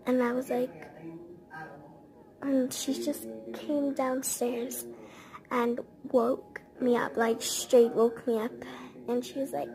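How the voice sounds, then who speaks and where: A woman with a high voice rambles through a casual storytime, padding her sentences with "like" and quick asides. Her delivery is chatty and unpolished, the way someone talks when recounting a long night. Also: little pitch movement, vocal fry, crowd noise. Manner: chatty, rambling, many "like" fillers.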